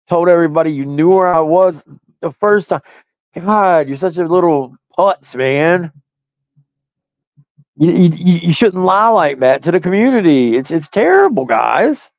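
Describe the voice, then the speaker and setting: A man with a fairly high voice ranting to his stream audience, profane, mocking and combative. The sound is dry and close, with a slightly dull lo-fi quality. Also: dry recording. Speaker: stream host. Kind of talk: ranting monologue.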